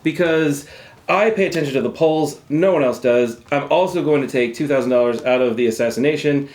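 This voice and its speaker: A man's voice: medium pitch, fairly quick, a little mellow. Bantering man at a game table. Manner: playful banter, thinks aloud with fillers. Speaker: board game player. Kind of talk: casual tabletop gameplay talk. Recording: roomy echoey room.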